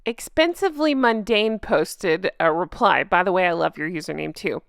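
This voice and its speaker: A woman's voice: on the low side, expressive, normal speed, vocal fry, no room sound, clean studio sound. A woman hosting a reaction video, reading comments aloud and mocking them with frequent laughter and questions to her viewers. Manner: mocking and sarcastic, often laughing; asks viewers direct questions. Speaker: channel host reacting to online comments.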